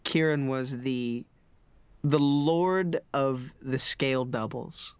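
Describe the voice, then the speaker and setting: A man's voice: mid-range voice, slow, smooth, no echo. A man telling amused stories about the film crew in an interview. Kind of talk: anecdotal interview.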